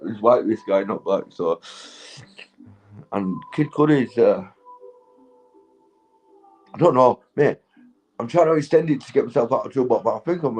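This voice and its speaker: A man's voice: on the low side, darkish tone, breathy edge, poor audio. A man with a Yorkshire accent from England, stoned and tipsy, rambling, swearing and laughing as he chats casually with viewers on a livestream. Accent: Yorkshire English. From Keighley, Yorkshire, England. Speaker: livestream host.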